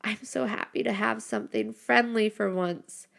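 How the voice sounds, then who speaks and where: A woman's voice: mid-range voice, steady tone, moderate pace, creaky, a bit bright. A woman voicing a sweet, polite young woman who sounds a little nervous. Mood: hopeful. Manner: polite, hopeful.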